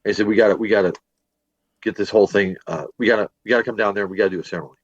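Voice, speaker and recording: A man's voice: on the low side, steady tone, very fast, no room sound, lo-fi sound. A man from Northwest Indiana telling a long ghost-hunting story in a podcast interview, rambling with lots of fillers and restarts. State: a bit worn from a day of teaching. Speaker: paranormal investigator and teacher guest.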